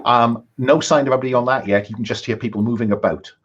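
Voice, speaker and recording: A man's voice: medium pitch, fairly even intonation, fast talker, dull audio. A man running a tabletop horror game as game master, talking with many ums and restarts.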